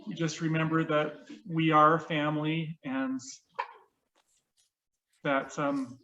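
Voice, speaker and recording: A man giving religious closing words at a memorial, earnest and faltering, with frequent pauses. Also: on the high side, level tone, bright, forceful tone, lo-fi sound, a little hiss or hum. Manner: earnest, faltering, pausing often.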